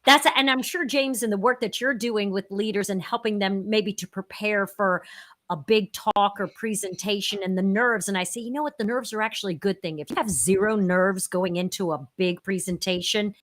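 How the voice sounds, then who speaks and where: A woman's voice: medium pitch, moderate pace, fairly bright tone. A woman hosting an interview, responding with engaged agreement and setting up her questions. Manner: engaged, affirming, asks questions. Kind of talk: interview conversation.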